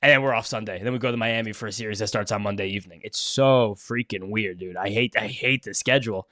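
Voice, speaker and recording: A man co-hosting a podcast in casual chat, rattling along at a quick clip. He rambles through long thoughts and swears casually. The sound is close and dry, with no room behind it. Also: fairly low pitch, sharp tone, no echo. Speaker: podcast co-host.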